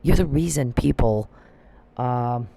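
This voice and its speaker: Taking his time, a vlogger with a warm, creaky mid-range voice delivers a confrontational monologue laced with profanity. He speaks straight at those he holds responsible, frequently circling back to repeat or restart what he's saying.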